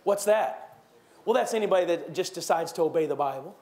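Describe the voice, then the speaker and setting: A man preaching a sermon in a church, animated, acting out gossiping churchgoers with raised voices. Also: sits high, brisk. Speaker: pastor. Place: church sanctuary.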